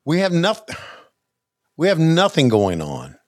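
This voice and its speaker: A man's voice: fairly high pitch, wildly swooping pitch, a little mellow, no room sound. An older man hosting a podcast, chatting casually and stammering over old wrestling footage. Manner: halting, stammering, chuckles often. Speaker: podcast host.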